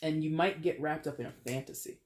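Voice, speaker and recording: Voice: mid-range voice, steady tone, brisk. A tarot reader giving a casual, chatty reading with playful, dramatic exaggeration. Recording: roomy echo.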